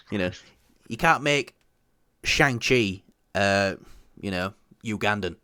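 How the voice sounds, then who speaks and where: A man's voice: fairly low pitch, lively intonation, slow pace, sharp tone, clean tone, dry recording, studio quality. A man co-hosting a casual movie news podcast, joking crudely and swearing freely. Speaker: podcast co-host.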